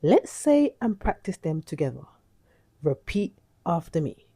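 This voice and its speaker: A woman's voice: deep voice, big pitch swings, a little slow, dark tone, husky, no room sound. A woman teaching an English lesson for learners, speaking in a patient, instructive way.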